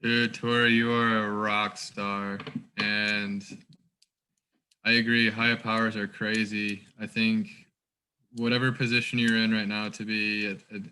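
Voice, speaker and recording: Male host, casual and profane, low flat smooth voice. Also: a little slow, poor audio. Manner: casual, swears freely. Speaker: group host. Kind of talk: casual group chat.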